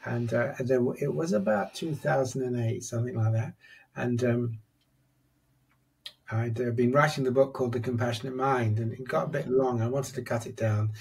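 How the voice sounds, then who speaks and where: A man, a psychologist and author on compassion, telling a personal story as a podcast guest in an animated, conversational way. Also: mid-range voice, normal speed, vocal fry, husky, distant mic.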